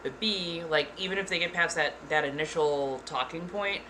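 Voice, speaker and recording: A woman hosting her channel, telling a story in casual chat, animated and swearing freely. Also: low voice, normal speed, a little hiss or hum. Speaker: ASMR channel host.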